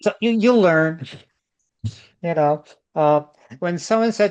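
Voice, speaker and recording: A man's voice: high-pitched, slow, long pauses, smooth. A man organizing a group tour, giving chatty, jokey travel advice over a video call and repeating words for emphasis.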